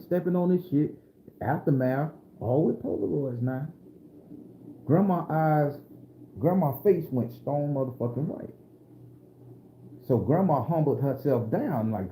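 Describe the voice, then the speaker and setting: A middle-aged man from southern Florida tells a story in a casual, streetwise style, cursing freely. His voice is dark and his pitch swings widely. He sits in an echoey room. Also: a little hiss or hum. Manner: animated, profane, streetwise storytelling. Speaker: storyteller host.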